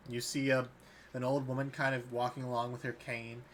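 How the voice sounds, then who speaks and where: A man's voice: mid-range voice, little pitch movement, brisk, a bit bright, a little hiss or hum. A man narrating as dungeon master in a tabletop game, laid-back and easygoing in tone.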